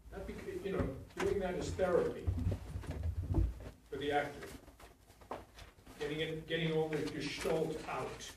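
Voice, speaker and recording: A man gives blunt, frank notes to his acting students and keeps circling back with "you know" as he works out a point. His voice sits somewhat high for a man. He sounds distant from the mic in a very reverberant room, with a faint hiss underneath. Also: a little slow, pauses often. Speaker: acting teacher.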